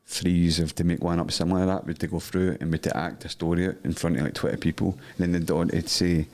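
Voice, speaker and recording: A man's voice: low-pitched, steady tone, quick pace, darkish tone. A man chatting loosely on a podcast, telling a story with lots of "like". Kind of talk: casual chat.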